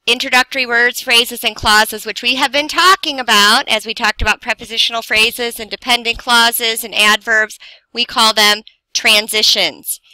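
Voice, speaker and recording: A woman teaching a grammar lesson, explaining slowly and deliberately with pauses for emphasis. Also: a little high, sharp tone, no echo, low-quality recording. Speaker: English teacher.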